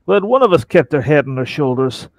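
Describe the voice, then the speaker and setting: A man voicing a worldly, rough-talking male seafaring adventurer with a folksy put-on drawl, reading game dialogue. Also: on the high side, very animated, brisk, darkish tone, no echo, voice pushed down.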